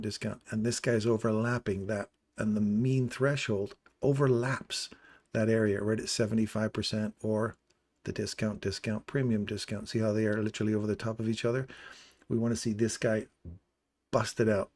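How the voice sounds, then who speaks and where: A man with a slightly low voice talks through price charts on a live stream. His delivery is casual and explanatory, and he keeps pointing at levels on the screen as he goes. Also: a little mellow. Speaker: trading stream host. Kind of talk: live trading chart walkthrough.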